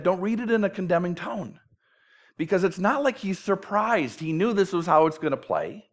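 A man preaching a sermon in a conversational way, acting out dialogue with self-deprecating humor. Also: on the high side. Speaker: pastor.

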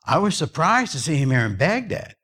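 Preacher as Death, polite, formal, measured. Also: male voice, on the high side, big pitch swings, a bit bright. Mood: calm formal. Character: Death, calm and courteous male figure.

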